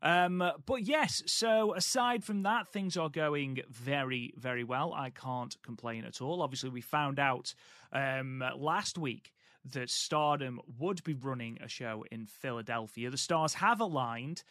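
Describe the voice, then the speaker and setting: A man's voice: mid-range voice, a little slow, a bit bright, dry recording, clean studio sound. A man co-hosting a podcast in casual chat, telling stories with lots of ums. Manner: chatty, storytelling, frequent ums. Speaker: podcast co-host.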